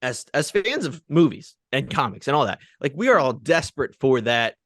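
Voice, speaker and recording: Swearing freely and speaking with emphasis, this man co-hosts a podcast in casual chat. He's very animated at a moderate pace, with a medium pitch and fairly bright tone, captured in a dry, studio-quality recording.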